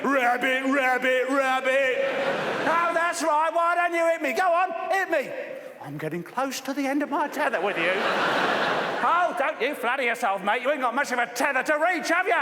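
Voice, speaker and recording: A man playing a crude, drunken, boorish character in live stage comedy, with a deadpan, drawn-out delivery. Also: very high voice, very noisy. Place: large theatre stage. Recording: echoey theatre hall, loud crowd. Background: loud live audience.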